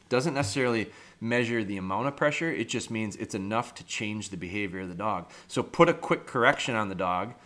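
A man hosting an instructional podcast explains dog training step by step in a plain-spoken, practical way. His voice sits on the low side with a fairly bright tone.

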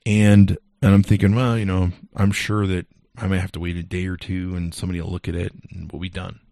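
A man's voice: low-pitched, a little fast, vocal fry, dry recording, clean studio sound. A male podcast host ranting angrily and profanely in a casual monologue. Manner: angry, profane, animated storytelling.

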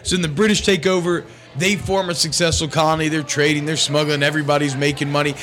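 A man's voice: fairly high pitch, steady tone, quick pace, a bit bright. A man co-hosting a podcast, talking through ideas in a thoughtful, rambling way with frequent restarts. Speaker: podcast co-host. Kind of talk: casual chat.

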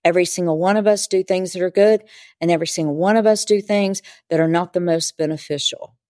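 Here the spiritual teacher's voice sits on the low side, with a dark tone and a quick pace. Earnest and vivid, she acts out dialogue as she tells stories in an interview, captured in clean studio sound without echo.

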